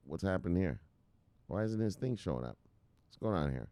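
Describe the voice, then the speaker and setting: A man hosting a crypto channel livestream, reading viewer comments in an excitable, profane, joking way with shouted catchphrases. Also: deep voice, moderate pace, long pauses, no room sound, clean studio sound.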